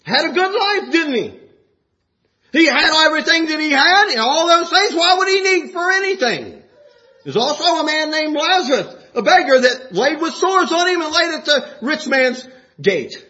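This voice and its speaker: A man preaching a sermon with passion, rising to shouts and dropping low. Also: expressive, moderate pace, highs cut off.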